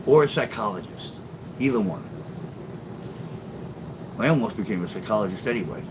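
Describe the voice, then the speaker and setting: A middle-aged streamer with a lowish voice talks at a moderate pace during a casual late-night livestream. Rambling and sarcastic, he swears freely while answering chat by viewers' names, and steady background noise runs throughout.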